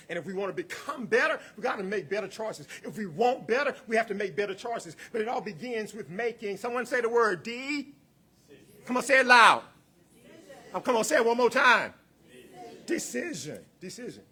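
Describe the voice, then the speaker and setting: Husky, high-voiced preacher. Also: male voice, a bit bright. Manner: repeats words, builds in waves, calls on the congregation; chuckles between points. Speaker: guest minister. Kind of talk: rousing sermon.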